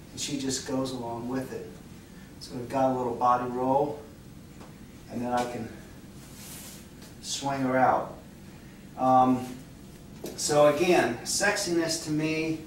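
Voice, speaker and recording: A male dance instructor demonstrating moves while he explains, talking in a relaxed, halting way with many fillers and restarts, recorded by a far camera mic in a dance studio. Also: mid-range voice, slight background noise. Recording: very echoey room, off-mic.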